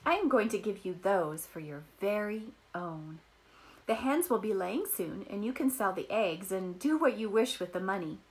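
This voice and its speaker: A woman voicing a kind, hearty farm woman with a motherly, firm but gentle way of talking. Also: medium pitch, expressive, normal speed, lightly acted, rough recording. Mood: kindly.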